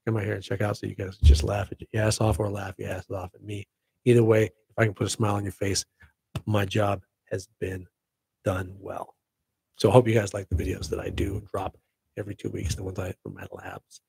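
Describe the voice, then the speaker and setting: A middle-aged man hosting a casual solo show, chatting in an excitable, rambling way with laughing asides. His voice is gravelly and a little husky, at an ordinary middle pitch. The sound is dry and close. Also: a little fast, dry recording. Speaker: podcast host.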